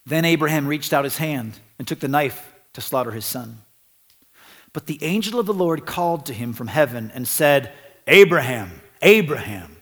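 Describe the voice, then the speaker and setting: A male pastor delivering a sermon with a fairly high voice, earnest and conversational, doubling back on phrases to drive points home. His words ring through a church with a long hall reverb. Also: animated, moderate pace.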